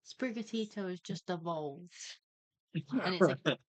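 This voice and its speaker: A woman's voice: on the low side, unhurried. A woman playing a tabletop game, chatting in a gushing, giggly manner. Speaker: player. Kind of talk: casual tabletop game chat.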